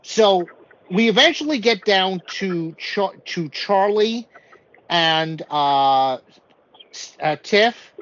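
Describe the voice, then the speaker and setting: This man's voice is high and unhurried, with the upper frequencies cut off. Co-hosting a podcast, he walks through a TV episode in relaxed chat, animatedly performing what the characters said.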